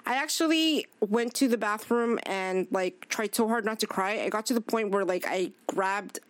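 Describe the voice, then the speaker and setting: A woman's voice: medium pitch, moderate pace, no room sound. Candid, swearing woman in a dry room. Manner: candid, swears freely, retells dialogue. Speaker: podcast guest; chef. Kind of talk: casual chat.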